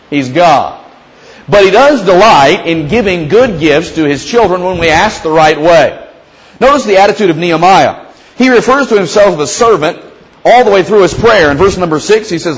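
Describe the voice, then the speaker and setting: Higher-voiced male pastor preaching conversationally. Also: lively intonation, moderate pace, low-quality recording. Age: young adult or middle-aged father. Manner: conversational preaching that slips into acted quotes of prayers. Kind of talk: sermon.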